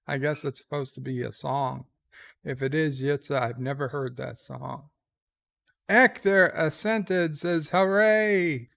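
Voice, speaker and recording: A man hosting a casual live stream from bed, reading out chat messages in a slow, halting way with dry, irreverent remarks. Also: mid-range voice, gravelly, fairly bright tone. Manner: slow, halting, with many pauses and fillers; wry and irreverent. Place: lying in a bed.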